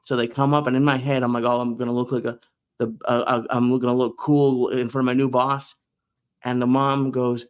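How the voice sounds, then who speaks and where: A man in a casual podcast chat, telling animated, self-deprecating stories. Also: medium pitch, a little fast, clean tone. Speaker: podcast co-host.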